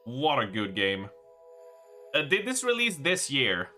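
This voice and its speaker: Excitable man streaming a horror game. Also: mid-range voice, measured pace, faint music behind. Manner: excitable, swears and exclaims, reads in-game narration aloud. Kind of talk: live gameplay commentary, reading game text aloud.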